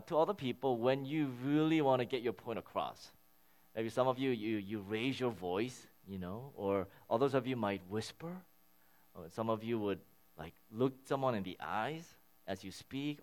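Emphatic pastor, a man with a lively voice. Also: moderate pace. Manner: emphatic, repeats key phrases, climbs higher when stressing a point; conversational asides to the congregation. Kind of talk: sermon with scripture reading.

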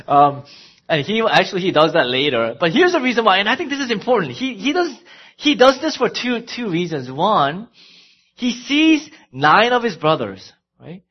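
A man preaching a sermon as pastor, animated and emphatic, with frequent ums and restarts. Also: sits high, moderate pace, husky. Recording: dull lo-fi recording.

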